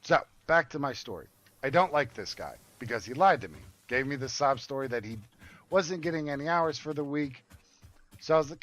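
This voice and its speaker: A man's voice: medium pitch, animated, a little fast, fairly bright tone. An older man streaming a game, telling a long story in a blunt, profane, rambling way. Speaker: gaming streamer. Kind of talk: casual storytelling while gaming.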